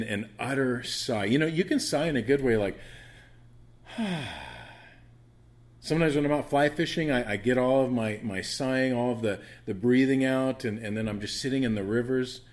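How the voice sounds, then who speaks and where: A man's voice: mid-range voice, fairly quick. A man with a soothing voice teaching a Bible study, rambling with frequent restarts and fillers.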